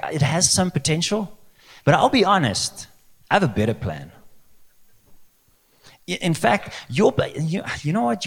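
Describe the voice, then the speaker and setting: A man's voice: a little high, creaky, voice pushed up, full character voice. A man voicing a brash, overconfident male disciple who boasts and blusters. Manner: cocky, eager, blustering.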